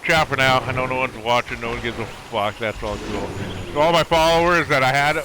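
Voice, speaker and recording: A man venting on a live stream, exasperated and swearing freely as he comments on his game. His pitch sits in the middle of the male range. There's a clear hiss of background noise under his voice. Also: fairly quick. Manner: exasperated, profane, talks over gameplay. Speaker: livestreamer. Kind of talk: ranting livestream monologue.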